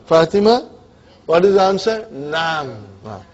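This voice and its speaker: A man's fairly high, sing-song voice, a little slow and a little mellow, leads an Arabic grammar lecture. Moving between English and Arabic grammar terms, he quizzes the students and checks that they follow, all in a dull, lo-fi classroom recording.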